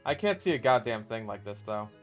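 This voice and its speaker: A man's voice: on the low side, very animated, a little fast. Man, gameplay commentary, casual, profane, exasperated outbursts, faint background music. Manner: swears a lot, bursts into loud exasperated yelling. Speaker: gaming video creator.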